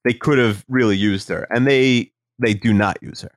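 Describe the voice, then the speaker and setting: A man's voice: mid-range voice, moderate pace, dry recording. A man co-hosting a podcast, speculating about a sitcom episode in casual chat, full of restarts and fillers. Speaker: podcast co-host.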